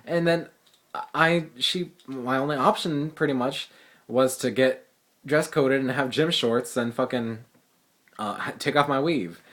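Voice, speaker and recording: A teenage boy vents to the camera in a loose, rambling story. He sounds exasperated and swears freely while he retells what happened. His voice sits at an ordinary mid pitch. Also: measured pace. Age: teens. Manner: exasperated, profane, lively retelling. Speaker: vlogger, high school student. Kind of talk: casual storytelling rant.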